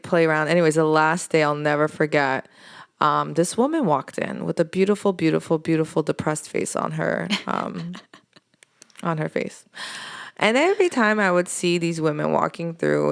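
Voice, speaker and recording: Brief: low gravelly woman, lively chatty storyteller, lots of filler. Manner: animated storyteller, heavy use of "like". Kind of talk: casual podcast chat. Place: studio in Los Angeles.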